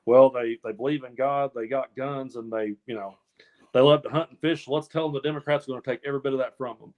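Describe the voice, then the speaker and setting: A man's voice: medium pitch, steady tone, fast, lo-fi sound. A man from the American South co-hosts a casual news chat. He rambles earnestly and often restarts and repeats his words mid-thought. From Appalachian South, US. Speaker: co-host.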